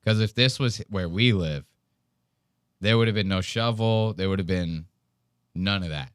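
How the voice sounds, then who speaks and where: A man's voice: low voice, normal speed, smooth, no echo, clean studio sound. A young man hosting a podcast, reacting to a video in a rambling, profane and incredulous way. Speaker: podcast host. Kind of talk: casual commentary reacting to a video.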